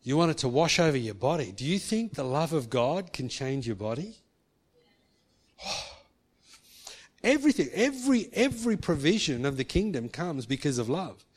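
A man's voice: on the high side, very animated, moderate pace, long pauses, husky. A man preaching a sermon, earnest, acting out quoted speech and rising to emphatic peaks. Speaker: pastor.

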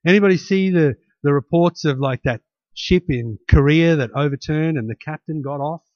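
A man delivers a sermon in a slightly higher voice than most men, talking to the congregation as if chatting and often tossing in "hey?" to check they follow. The recording sounds dull and lo-fi, with a dry, close sound and no room echo. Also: normal speed. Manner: conversational, with frequent "hey?" tags and restarts. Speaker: pastor.

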